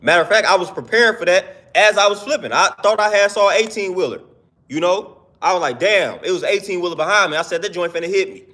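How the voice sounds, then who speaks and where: Young guy rambling on his stream, pretty high voice, slangy, keeps repeating stuff. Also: quick pace, bright, forceful tone. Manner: earnest, slangy, repeats himself. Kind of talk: casual live-stream monologue.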